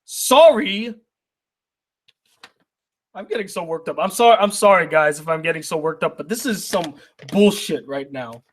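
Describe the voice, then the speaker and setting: Young male critic, high voice, heated indignant rant with rhetorical questions. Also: expressive, normal speed, long pauses. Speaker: YouTube critic reading viewer mail. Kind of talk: heated ranting commentary.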